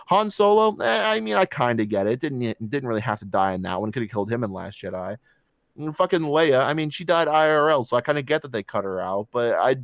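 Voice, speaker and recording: A man's voice: medium pitch, no echo, clean studio sound. A man co-hosting a casual movie review podcast, ranting with heavy swearing and mocking voices. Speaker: podcast co-host.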